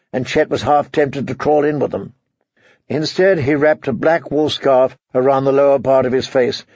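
A man reads a story aloud in measured narration. His voice is husky with a gravelly edge. The recording is dry, close and a bit dull. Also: mid-range voice, a little mellow, no room sound. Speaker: audiobook narrator. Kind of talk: scripted narration.

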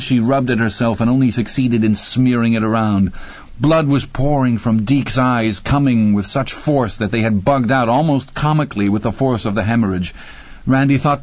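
A man narrating a horror audiobook in a measured, grim, deliberate way. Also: medium pitch, darkish tone, dry recording. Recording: dry, slightly muffled studio read.

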